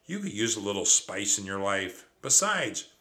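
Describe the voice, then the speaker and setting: A man's voice: on the low side, very animated, bright, forceful tone. A man voicing a bossy young girl mouse. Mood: secretive. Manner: brisk, secretive, coaxing. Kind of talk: storybook read-aloud.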